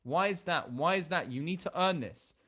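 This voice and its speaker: A man's voice: fairly high pitch, normal speed, a bit bright, husky. A British man giving a recorded dating-coaching lesson, emphatic and repetitive as he hammers each point home. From Britain. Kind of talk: recorded coaching lesson reviewing chat messages.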